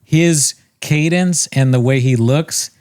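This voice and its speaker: A man's voice: fairly high pitch, a little mellow, clean tone. A young man co-hosting a podcast, telling a rambling, self-mocking story in casual chat. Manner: rambling, self-mocking, quick to laugh at himself. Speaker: podcast co-host.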